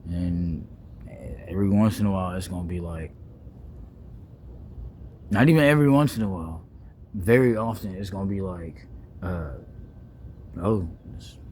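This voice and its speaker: A young man, rambling playfully in a casual vlog monologue, full of slang, restarts and deliberately wordy phrasing. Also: low voice, expressive, warm tone, slight background noise. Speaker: vlogger.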